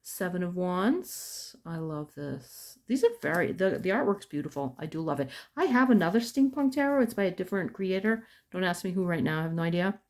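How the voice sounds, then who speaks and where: A woman casually chatting through an unboxing, murmuring card names and softly admiring the artwork as she flips through the deck. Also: lowish voice, lively intonation, fairly quick. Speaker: tarot unboxing vlogger.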